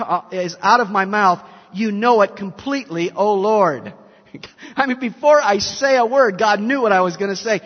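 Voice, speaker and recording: High-voiced man in his fifties preaching. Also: in a large hall, muffled recording. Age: 50s. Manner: emphatic preaching, swings between loud and soft. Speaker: pastor. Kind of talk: sermon. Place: large church hall.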